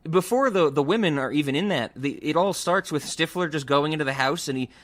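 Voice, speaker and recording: A man with a fairly high, bright voice chatting on a movie podcast. He backs up his co-host with quick agreements and laughs easily while recounting scenes. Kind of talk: casual film discussion.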